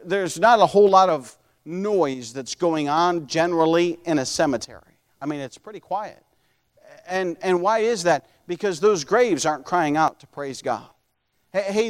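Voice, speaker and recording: A man delivers a sermon in a high voice. He pleads earnestly, stumbles over repeated words as he builds momentum, and lets his voice fall almost to a whisper when he stresses the quiet moments. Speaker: pastor.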